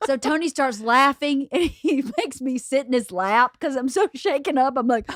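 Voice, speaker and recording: A woman hosting a podcast, telling a story in a lively, laughing way. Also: high-pitched, moderate pace, few pauses, no echo, studio quality. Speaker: podcast host. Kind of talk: casual storytelling chat.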